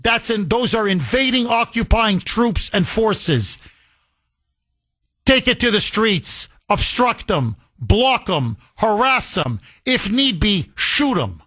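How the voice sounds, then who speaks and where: A man's voice: high-pitched, very animated, slow, pushed and bright. A man hosting a political talk radio show, delivering a sarcastic, indignant monologue full of rhetorical questions and repetition. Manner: emphatic with repetition.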